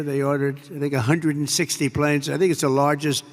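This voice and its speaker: A man's voice: mid-range voice, level tone, normal speed, few pauses. An older American man giving a rambling, off-the-cuff speech to troops, full of superlatives and asides. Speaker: president addressing troops. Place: large air base hall. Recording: long reverb from a large hall.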